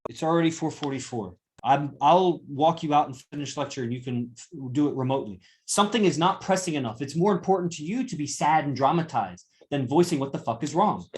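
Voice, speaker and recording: A man's voice: a little high, a little fast, hardly any pauses, darkish tone. A man giving a live classroom lecture, confrontational and profane as he berates a student.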